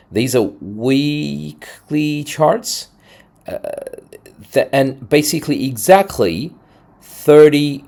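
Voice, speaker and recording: A man hosting a crypto trading video, talking casually and energetically over charts with a salesy pitch. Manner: energetic, salesy, lots of "right?" and "boom".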